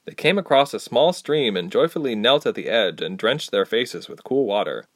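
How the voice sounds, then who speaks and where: A man narrating a fantasy storybook aloud, expressive and acting out each character. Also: medium pitch, normal speed, no room sound, clean studio sound.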